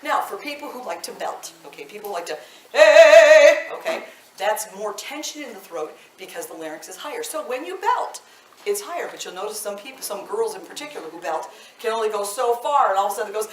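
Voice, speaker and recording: A woman in her fifties, a voice teacher leading a live vocal workshop, chatty and animated, laughing often. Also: mid-range voice, fast, slight background noise. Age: 50s. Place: indoor workshop room. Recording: echoey room, mic at a distance.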